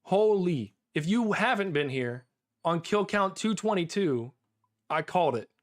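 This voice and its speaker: An excitable American man talking through a live game stream. His voice sits a little higher than most men's, and he repeats himself and breaks into laughs as he talks. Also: unhurried.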